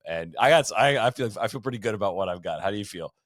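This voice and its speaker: A man co-hosting a podcast in casual chat, animated and often restarting his sentences. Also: fairly low pitch, quick pace, no echo, studio quality. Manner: animated, with frequent restarts and stumbles. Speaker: podcast co-host.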